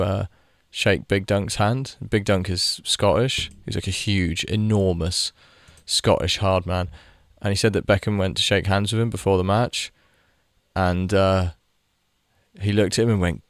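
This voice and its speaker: A man's voice: low-pitched, dry recording, studio quality. A young man giving rambling, casual commentary while playing a game, swearing freely and chatting to the players on screen. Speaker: gaming video creator.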